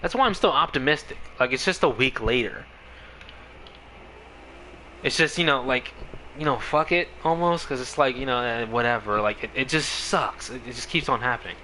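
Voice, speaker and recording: A man's voice: mid-range voice, normal speed, sharp tone, a little hiss or hum, poor audio. A male streamer chatting casually on a game stream, rambling, with lots of fillers and frequent laughs.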